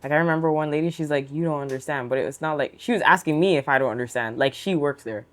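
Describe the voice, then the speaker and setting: A podcast co-host speaking in relaxed casual chat, commenting and agreeing with the others. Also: mid-range voice, fast talker.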